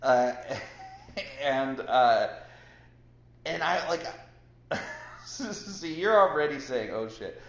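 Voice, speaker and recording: A man's voice: fairly high pitch, expressive. Rambling man telling a story, roomy lo-fi. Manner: rambling, halting storyteller with many restarts. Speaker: podcast co-host. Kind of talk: casual chat. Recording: roomy, dull lo-fi sound with faint hiss.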